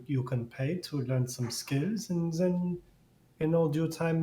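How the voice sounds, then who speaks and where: A man's voice: on the high side, dark tone, slight background noise. A man playing a tabletop game, speaking in character in a formal, lecturing way with hesitant fillers. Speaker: player.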